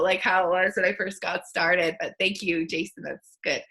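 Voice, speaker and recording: A woman's voice: on the low side, fairly even intonation, normal speed, bright, forceful tone. A woman leading a team call, telling candid and emotional stories full of fillers to coach her sales team. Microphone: video call.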